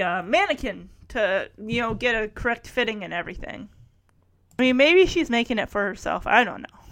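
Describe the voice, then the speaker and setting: Chatty middle-aged woman host, animated delivery, dry close mic. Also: fairly high pitch, dry recording. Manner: chatty, rambling, frequent laughs. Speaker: show recapper. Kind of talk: casual episode recap.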